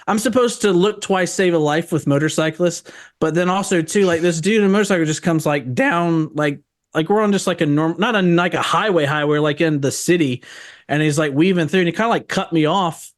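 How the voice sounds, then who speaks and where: Rambling, profane man telling stories. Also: fairly high pitch. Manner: rambling storyteller, profane, quick voice jumps when quoting himself. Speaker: podcast guest. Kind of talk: casual chat.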